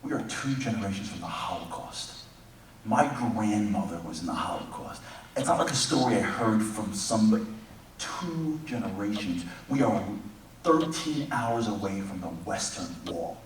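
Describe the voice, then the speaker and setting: A man giving a humorous speech in a synagogue hall, telling stories as an animated storyteller who acts out characters in comic voices. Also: on the low side, slight background noise. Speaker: speaker. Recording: distant echoey hall recording.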